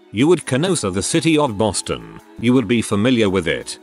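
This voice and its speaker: A man narrating online stories in a scripted, storytelling delivery. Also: on the low side.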